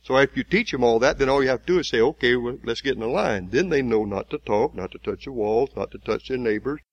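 A man preaching a sermon in a folksy way, building to loud, emphatic, slowly repeated lines. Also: medium pitch, highs cut off.

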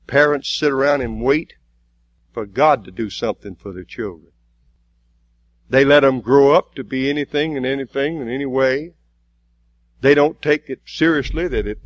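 A man preaching a sermon, stressing key words and drawing them out slowly. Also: medium pitch, lo-fi sound. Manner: emphatic preaching with slow, drawn-out stresses.

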